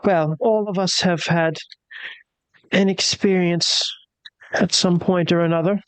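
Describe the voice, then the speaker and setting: Tabletop game figure: woman playing a kind soft-spoken artist, lower voice. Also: fairly even intonation, a little slow, clear, resonant tone, no room sound, lightly acted. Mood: gentle. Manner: gentle, soft-spoken, reassuring. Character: gentle adult woman artist, kindly.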